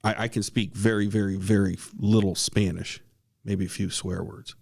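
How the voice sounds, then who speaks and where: Sharing his own ghost story on a podcast, a man speaks at normal speed in a fairly low, darkish voice with vocal fry and little pitch movement. The telling is casual and earnest, full of restarts and the occasional cough.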